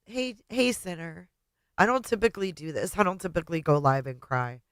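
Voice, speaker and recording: A woman hosting a livestream and talking casually to her viewers, tearful, halting and often trailing off quietly. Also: lowish voice, big pitch swings, clean tone, dry recording. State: tearful, voice breaking. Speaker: livestream host.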